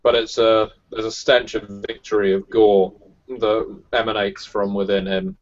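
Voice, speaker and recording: A man narrating as game master in a tabletop role-playing game, measured and hesitant with fillers. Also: lowish voice, flat delivery, highs cut off.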